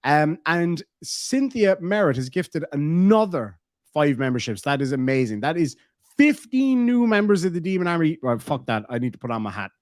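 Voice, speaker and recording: A young Irish man with a fairly high voice, chatting loosely through a live stream. He reads viewer comments aloud, swears freely, and keeps things informal. The sound is dry and close, with almost no room around it. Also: big pitch swings, moderate pace, no echo. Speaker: streamer reading live chat. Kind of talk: casual live-stream chat.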